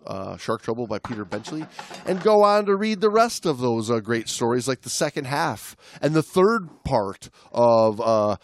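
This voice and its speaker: A man's voice: medium pitch, dry recording, studio quality. A man co-hosting a podcast, chatting loosely with lots of fillers. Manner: loose, filler-heavy banter. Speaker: podcast co-host. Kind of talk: casual chat.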